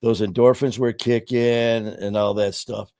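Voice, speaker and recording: A man's voice: mid-range voice, flat delivery, a little slow, a little mellow, clear, resonant tone, no room sound, studio quality. A middle-aged man hosting a live stream, telling stories in rambling, casual talk full of fillers. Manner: rambling storyteller, frequent "uh" and "you know". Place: home studio. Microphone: studio mic.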